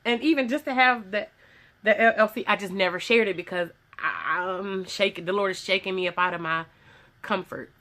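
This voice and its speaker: A woman's voice: mid-range voice, moderate pace, bright, forceful tone. A woman, a small business owner, giving an earnest, rambling personal testimony in a casual vlog, recorded at home in her sewing room. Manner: earnest, rambling with restarts and quoted voices.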